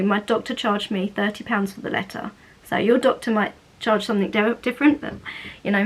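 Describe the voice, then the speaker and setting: A woman's voice: medium pitch, rough recording. A woman in her thirties from England, talking candidly to the camera in a casual vlog, chatty and full of restarts. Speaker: vlogger.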